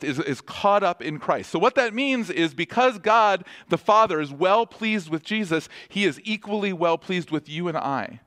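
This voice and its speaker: A male pastor who opens with a quiet prayer and then preaches a sermon, stressing key phrases and repeating them. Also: high voice, animated, normal speed, few pauses. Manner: prays softly, then preaches with rising emphasis.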